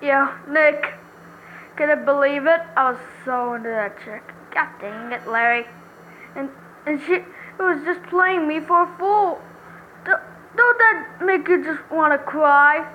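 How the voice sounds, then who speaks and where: A woman's voice: high-pitched, a little slow, dull audio, a little hiss or hum. A woman voicing a brash, slangy young male friend in a game, whiny and self-pitying.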